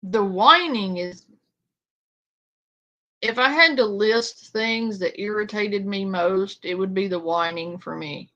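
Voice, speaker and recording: A woman's voice: mid-range voice, takes it slowly, pushed and bright, dull audio. A woman streamer giving casual, sarcastic commentary on a clip, blunt and swearing. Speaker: reaction streamer.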